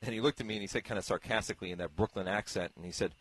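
A man with a lowish voice hosts a horse racing radio show. He talks in a chatty, storytelling way and tells anecdotes from the barns at an easy pace. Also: rapid-fire, few pauses, a bit bright, breathy edge.

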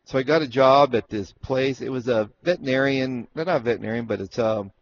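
A former jockey from Arizona tells stories from his racing days in a casual interview, animatedly acting out what people said. His voice is medium-pitched and brisk, and the recording is dull and lo-fi with faint noise.

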